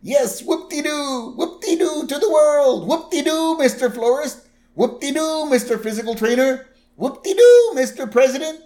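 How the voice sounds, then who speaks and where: A man's voice: extremely high pitch, expressive, normal speed, darkish tone, pitched above the performer's own voice. A man voicing a scheming elderly male billionaire boss, gushing in a reedy old-man voice. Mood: ecstatic.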